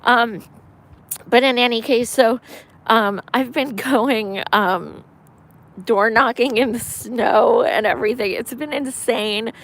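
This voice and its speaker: A woman from Pennsylvania, a campaign volunteer, chatting casually on a live stream, emphatic and excited, swearing, with lots of ums. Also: fairly high pitch, takes it slowly. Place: outdoors in winter.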